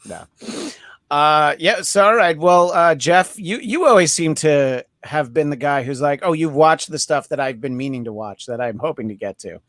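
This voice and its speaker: A man hosting a podcast in casual chat, rambling and joking with many filler pauses. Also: on the high side, lively intonation, a bit bright, no echo, studio quality. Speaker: podcast host.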